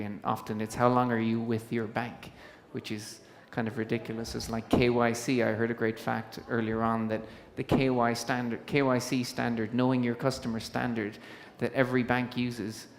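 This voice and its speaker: A man moderating a panel on a conference stage, speaking at an ordinary middle pitch. His talk is casual and chatty, with a quick joke here and there. The sound carries a long reverb from the big hall.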